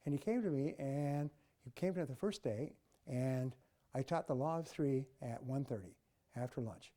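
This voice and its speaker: An older man telling motivational stories, emphatic and animated, mimicking office chatter. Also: mid-range voice, moderate pace. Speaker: speaker. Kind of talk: motivational storytelling.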